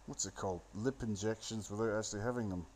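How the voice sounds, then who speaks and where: A man's voice: fairly low pitch, fast talker, a little mellow, a little hiss or hum. A man rambling into a phone, giving a sardonic, profane running commentary on a film. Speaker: solo commentator.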